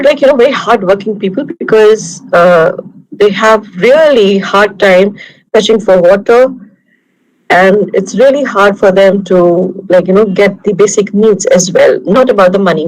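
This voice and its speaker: Woman, Indian English accent, mid pitch, guest lecturer on a video call, chatty and anecdotal. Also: darkish tone, rough recording. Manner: conversational, anecdotal, talks through examples. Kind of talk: online lecture.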